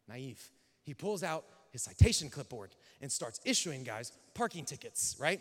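A male pastor telling a story in a sermon, animated, dropping to a hush and then rising loud. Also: fairly high pitch, moderate pace. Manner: animated, swings between hushed and loud. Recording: long hall reverb.

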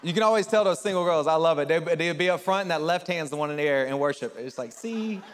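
A man preaching to a live church congregation with bursts of energy and quick jokes, calling out questions to the crowd. His voice sits high for a man. The sound carries a long hall reverb. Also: a little hiss or hum. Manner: energetic, joking, talks with the crowd. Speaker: pastor. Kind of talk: sermon.

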